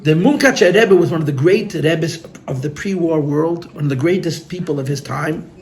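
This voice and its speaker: Telling earnest stories to a gathered audience, a man speaking as a rabbi uses a somewhat high, slightly mellow voice at a moderate pace. He repeats his words and includes Yiddish and Hebrew terms while listeners fill the room.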